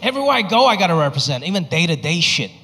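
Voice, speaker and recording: Stand-up comic in a reverberant hall. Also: male voice, on the high side, racing, a little hiss or hum. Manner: animated storytelling, acting out bits. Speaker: stand-up comedian. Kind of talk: stand-up comedy set. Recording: live stage recording in a reverberant hall.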